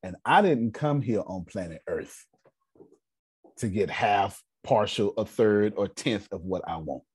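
A man's voice: on the low side, expressive, a little slow, a little mellow, breathy edge. A man leading a motivational seminar, preaching and firing rhetorical questions at his audience. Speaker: seminar leader. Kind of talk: motivational teaching.

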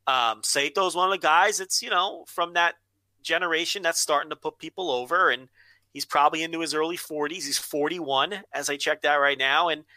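A man's voice: fairly high pitch, a little fast, sharp tone, no echo. A man co-hosting a casual wrestling podcast, blunt and opinionated, swearing freely. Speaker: podcast co-host.

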